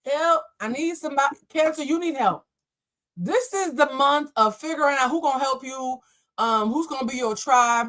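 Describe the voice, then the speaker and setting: A woman reads tarot on a live stream. She is animated and blunt, and she talks straight to her viewers and swears freely. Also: sits high. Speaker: tarot reader.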